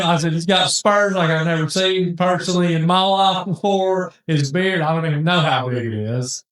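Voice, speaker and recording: Man, casual podcast storyteller, rambling and animated, slightly high voice, very echoey room. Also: moderate pace, few pauses. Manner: rambling, animated, many restarts and asides. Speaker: podcast host telling a hunting story.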